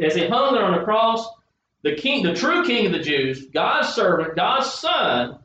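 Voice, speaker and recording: Male preacher, high pitch, reads scripture then explains, muffled echoey recording. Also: a bit bright. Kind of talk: sermon with scripture reading. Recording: echoey, slightly dull room sound.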